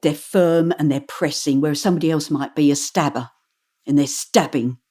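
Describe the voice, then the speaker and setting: Middle-aged woman narrator, low voice, chatty, laughs a lot. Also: normal speed. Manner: chatty, laughs often, animated storytelling. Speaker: audiobook narrator. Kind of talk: interview conversation.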